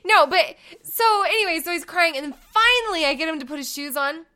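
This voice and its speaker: A woman in her thirties, a mother chatting casually with her husband, telling stories in an animated way and acting out quotes. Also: very high voice, fairly quick. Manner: animated storyteller who acts out quotes and laughs often. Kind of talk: casual chat.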